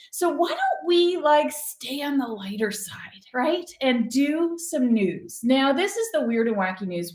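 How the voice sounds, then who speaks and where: A high-voiced woman hosts a casual online show, chatting her way through odd news stories. She talks in an animated, joking way, quick to laugh. Her voice carries a roomy echo. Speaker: show host.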